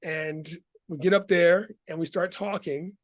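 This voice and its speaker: A middle-aged man as an interview guest, telling his story in an animated, laughing way. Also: sits high, measured pace, dry recording.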